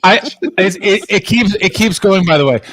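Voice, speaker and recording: A man co-hosts a casual live stream, laughing and swearing as he riffs on the clip they are watching. His voice sits a bit higher than most men's. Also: normal speed. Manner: animated, profane, laughing. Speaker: stream co-host. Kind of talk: casual chat.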